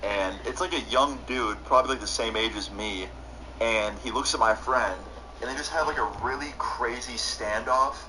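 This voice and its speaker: A man's voice: mid-range voice, moderate pace, sharp tone, a little hiss or hum, low-quality recording. A young man streaming live, telling a long story in a casual, rambling way full of "like". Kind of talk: storytelling while live gaming.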